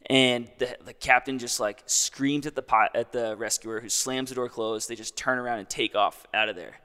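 A man's voice: mid-range voice, fairly even intonation, normal speed, sharp tone, clean tone. Young man telling a story, reverberant sound. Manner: laid-back, peppered with "like". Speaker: guest. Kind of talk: casual storytelling.

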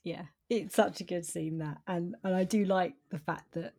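Woman, giggly, enthusiastic, trips over words, breathy voice. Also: lowish voice, steady tone, moderate pace, a little mellow. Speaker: podcast co-host. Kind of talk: casual book discussion.

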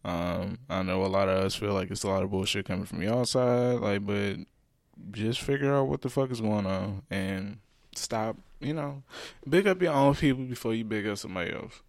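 A man's voice: on the low side, moderate pace, dry recording, clean studio sound. A young man co-hosting a podcast, talking in a laid-back, rambling way with fillers. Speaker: podcast co-host. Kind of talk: casual podcast chat.

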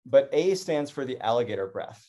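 Calm, earnest middle-aged man teaching. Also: mid-range voice, fairly quick. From North America. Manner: calm, earnest, restarts phrases. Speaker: mindfulness teacher. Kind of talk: educational talk.

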